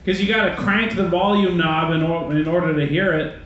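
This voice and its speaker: A male stand-up comic with a fairly high voice, rambling through his set in a profane, self-deprecating way. He speaks into a handheld stage mic. The sound is muffled and bounces around a very echoey club, with faint noise behind it. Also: fairly even intonation, fairly quick, a bit bright. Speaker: stand-up comedian.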